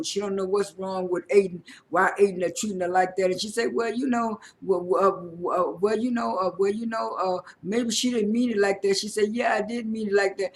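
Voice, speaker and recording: A man casually recapping a reality show episode, talking in a halting way with many fillers and repeated words. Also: sits high.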